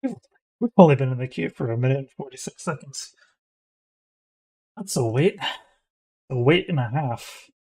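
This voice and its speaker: Young male streamer, mild Florida accent, mellow breathy tone, rambling commentary. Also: mid-range voice, expressive, moderate pace, pauses often, poor audio. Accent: Florida, mild Midwestern. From United States. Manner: rambling, musing aloud. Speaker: gaming streamer. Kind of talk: casual game commentary.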